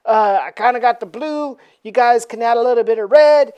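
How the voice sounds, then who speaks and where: A woman's voice: a little high, normal speed, mellow, clear, resonant tone, natural voice. A woman voicing a cocky teenage male superhero who teases and boasts in slangy talk while retelling a comic book. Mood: boastful. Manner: brash, teasing, slangy.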